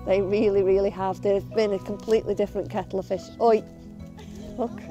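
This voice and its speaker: A woman's voice: mid-range voice, steady tone, fairly quick, dull audio, music in the background. A woman, a bird of prey handler, chatting casually and affectionately while filming outdoors. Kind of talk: casual video update.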